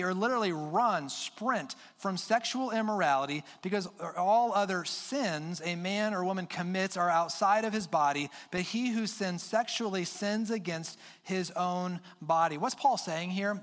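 A man preaching a sermon as pastor, earnest and urging, stressing his points with pauses and repeated words. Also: sits high, fairly bright tone, in a large hall. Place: church sanctuary with long reverb.

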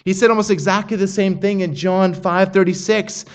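A middle-aged man preaching a sermon, earnest and emphatic, reading scripture aloud with slow, weighted pauses. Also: high voice, level tone.

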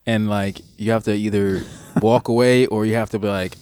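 A man guest on a comedy podcast, telling stories with energy and stumbling over his words when excited. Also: lowish voice, moderate pace, clean tone, dry recording. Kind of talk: casual comedic chat.

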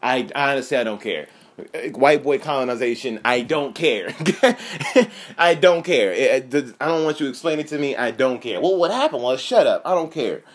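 Animated, profane man ranting for laughs. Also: medium pitch, moderate pace. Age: 30s. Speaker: comedian host. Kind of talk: profane comedic rant.

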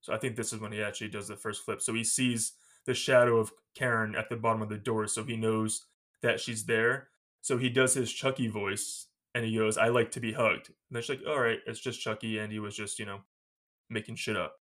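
A man's voice: lowish voice, level tone, brisk, a bit bright. A man co-hosting a podcast, casually retelling a film's plot and laughing often as he goes. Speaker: podcast co-host. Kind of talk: casual film recap chat.

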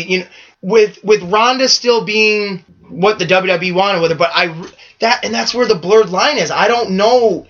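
Excitable bright-voiced man, lo-fi. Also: high voice, moderate pace. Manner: rambling, animated, swears freely. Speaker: podcast co-host. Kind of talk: casual wrestling chat.

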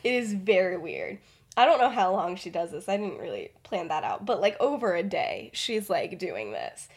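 A woman's voice: on the low side, very animated, moderate pace, slightly rough. A young adult woman hosting a podcast, telling a story in a chatty, rambling way full of fillers. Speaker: podcast host. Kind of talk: casual storytelling.

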